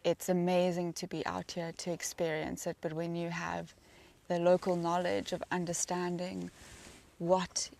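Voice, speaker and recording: Woman safari host chatting thru viewer comments, low-ish gravelly voice, laughs a lot. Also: monotone, unhurried, a little mellow. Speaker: live safari presenter. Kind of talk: live broadcast chat reading viewer comments.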